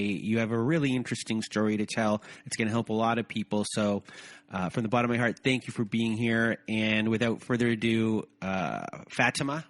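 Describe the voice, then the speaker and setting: A man's voice: on the low side, a bit bright. Chatty man hosting a podcast. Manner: chatty, stumbles over words and laughs at himself. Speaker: podcast host. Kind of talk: casual podcast talk.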